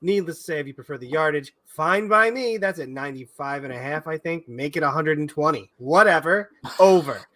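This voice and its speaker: A man's voice: a little high, a little fast, hardly any pauses, pushed and bright. A man co-hosting a sports betting podcast, joking loosely, laughing and swearing as he talks. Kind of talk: casual sports betting chat.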